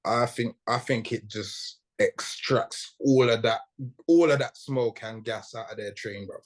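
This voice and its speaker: A young man talks casually on a podcast in a mid-range voice. His delivery is relaxed and slangy, and his voice leaps up in pitch when he gets excited. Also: a little slow. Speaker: podcast co-host. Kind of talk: casual chat.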